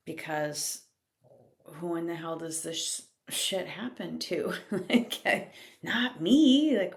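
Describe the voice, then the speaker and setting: Woman podcast host, deep and unhurried, casual confessional storytelling. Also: creaky. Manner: candid, casual, laughs often, swears lightly. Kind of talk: reflective personal storytelling monologue.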